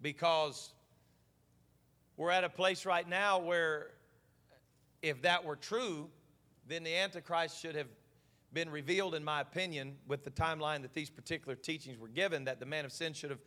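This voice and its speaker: Pastor guy preaching, real emphatic, bright sharp voice, echoing around a big church. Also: fairly high pitch, steady tone, a little fast. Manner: emphatic, pleading, asks the crowd if they follow. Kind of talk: evening sermon. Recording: long reverb of a large hall.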